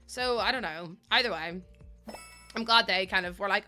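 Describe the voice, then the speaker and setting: A young woman streaming a game, chatting quickly with her viewers while feeling a bit run down. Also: mid-range voice, pushed and bright, faint music behind. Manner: fast-talking, chatty. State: under the weather, a bit run down. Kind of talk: casual live-stream chat while playing a game.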